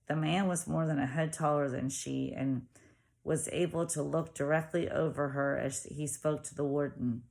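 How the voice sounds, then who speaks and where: A woman narrating a novel aloud in a steady storytelling manner. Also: low-pitched, normal speed, creaky. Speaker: audiobook reader. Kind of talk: audiobook narration.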